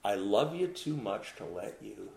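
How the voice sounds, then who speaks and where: A man's voice: fairly low pitch, unhurried, a little hiss or hum. Guy preaching a sermon, voice swings up and down a lot, echoey church room. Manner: animated preaching with rhetorical questions to the congregation. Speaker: pastor.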